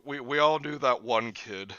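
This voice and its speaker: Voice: medium pitch, moderate pace, bright, forceful tone, smooth, dry recording, highs cut off. A podcaster in their late twenties co-hosting a casual chat, joking and quoting memes. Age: late 20s. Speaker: podcast co-host.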